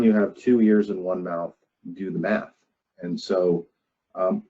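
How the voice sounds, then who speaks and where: A man presenting a webinar on crisis communication, measured and emphatic, often pausing with "um". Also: fairly low pitch, mellow, breathy edge, muffled recording. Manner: measured, frequent "um" fillers, emphatic repetition.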